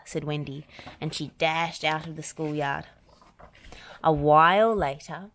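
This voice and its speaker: A woman narrating a children's story aloud in an expressive, animated way. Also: low voice, measured pace.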